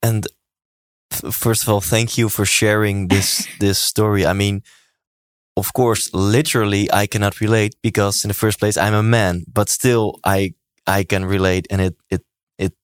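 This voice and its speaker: Deep-voiced man hosting, halting. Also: flat delivery, dry recording, studio quality. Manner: hesitant, repeats words, laughs easily. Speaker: podcast host. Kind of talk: interview conversation.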